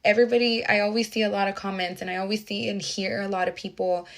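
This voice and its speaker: A young adult woman, a teacher, earnestly telling a personal story with many restarts and reflective pauses. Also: mid-range voice, fairly even intonation.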